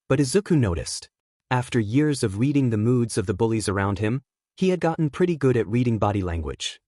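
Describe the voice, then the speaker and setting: A man narrating a fan fiction story, steady and expressive. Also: medium pitch, no room sound, studio quality. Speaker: fanfic narrator. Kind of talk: story reading.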